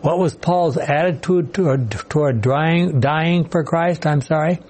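A man's voice: a little high, a little slow, darkish tone. A man leading a Bible study group, calling on readers and breaking in with his own comments. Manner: calls on readers, interjects with comments and corrections.

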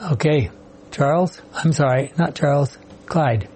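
A man's voice: fairly high pitch, measured pace, darkish tone, slight background noise. A man leading a Bible study group, calling on readers and breaking in with his own comments. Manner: calls on readers, interjects with comments and corrections.

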